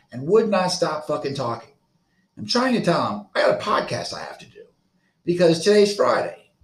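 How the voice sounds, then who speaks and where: A man's voice: a little high, echoey room. A man in his thirties from Florida, hosting a solo podcast in a profane, rambling, agitated rant. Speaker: podcast host.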